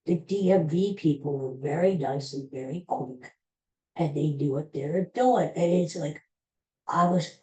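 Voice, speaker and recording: A man's voice: fairly high pitch, measured pace, a little mellow. A middle-aged man hosting a podcast, telling a rambling, self-deprecating story in a casual monologue. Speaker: podcast host. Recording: roomy echo.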